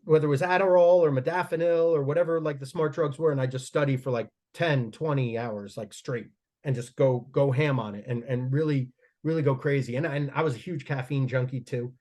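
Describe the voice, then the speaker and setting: A man talks casually as a guest on a podcast, rambling through stories and swearing freely. He restarts his sentences often, at an average pitch for a man. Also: a little fast, darkish tone. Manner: profane, rambling storytelling with frequent restarts. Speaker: strength coach guest.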